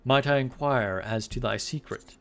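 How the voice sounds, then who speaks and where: A man voicing a solemn female warrior who talks in formal, old-fashioned phrasing, reading game dialogue aloud in a lowered, quiet voice. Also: normal speed, natural voice. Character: solemn female warrior speaking archaic English.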